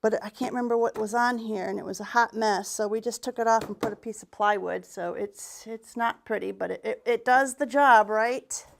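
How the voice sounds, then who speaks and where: Chatty, slightly breathless woman with gravelly tone. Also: a little high, moderate pace, few pauses. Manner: chatty and rambling, with restarts and muttered asides. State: a bit out of breath. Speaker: paint retailer and furniture painter. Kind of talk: live craft demonstration.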